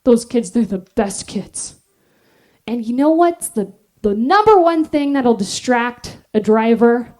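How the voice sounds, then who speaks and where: Casting: a gruff bus-driving examiner lady with a low, clipped, drill-like delivery, put on by a woman comic. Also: animated, unhurried, a little mellow. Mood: stern.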